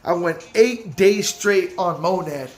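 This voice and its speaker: A loud young man, casually telling his own story in street slang and acting out what people said. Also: high voice, takes it slowly.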